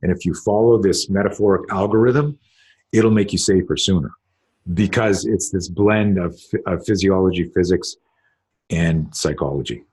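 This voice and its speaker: A man's voice: low-pitched, normal speed, darkish tone, breathy edge. A man hosting a conversation as a self-defense instructor, explaining in a rambling way with many restarts. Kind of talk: casual conversation.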